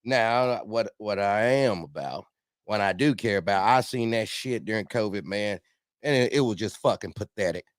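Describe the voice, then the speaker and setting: A man with a voice on the low side lets loose an angry talk-show tirade at normal speed, cursing constantly and repeating himself as his temper rises. The audio is studio quality without any echo.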